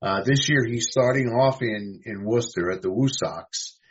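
A man's voice: medium pitch, moderate pace, slightly rough. A man from New York, a guest who talks fantasy baseball in a hesitant way, full of ums and restarts. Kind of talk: casual sports chat. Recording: dull lo-fi sound.

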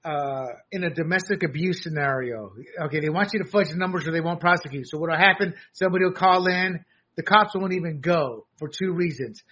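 A man co-hosting a political talk show, animated and sarcastic, often laughing and acting out mocking quotes. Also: a little high, brisk, slightly rough, dull audio. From abroad, a country once under dictators. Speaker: co-host.

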